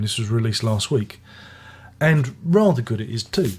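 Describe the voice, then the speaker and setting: A man's voice: medium pitch, lively intonation, normal speed, darkish tone, husky. An older British man reviewing an album in a casual, rambling way, often restarting his sentences and making chatty asides. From Britain. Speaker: music reviewer.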